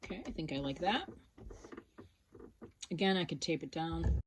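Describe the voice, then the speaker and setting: A woman with a fairly low voice explains an embroidery project step by step in a casual, relaxed way. She thinks aloud while she works, and faint noise runs under her voice. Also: moderate pace. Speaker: sewing instructor.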